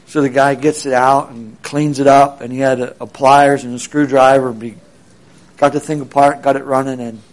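A man's voice: medium pitch, little pitch movement, normal speed. Man telling a rambling story. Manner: rambling, with many fillers and restarts, acting out quoted dialogue. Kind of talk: casual spoken storytelling.

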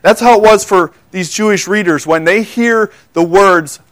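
Male pastor preaching, slightly high voice, earnest and questioning, stumbles over words, dry close sound. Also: normal speed, no room sound. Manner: earnest, asks the audience questions, quiet for quoted words. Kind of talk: sermon.

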